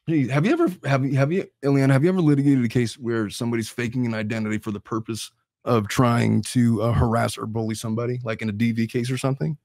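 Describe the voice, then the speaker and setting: Lawyer co-host, man, mid-pitched, relaxed chatter, repeats himself, dry close mic. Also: fast, no room sound. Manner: laughs often, stumbles and repeats words. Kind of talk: casual chat.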